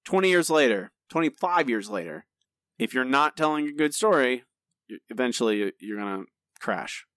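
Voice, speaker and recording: A man's voice: medium pitch, fairly bright tone, no echo, studio quality. A man co-hosting a podcast, chatting casually and rambling, with many restarts. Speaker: podcast co-host. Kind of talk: casual chat.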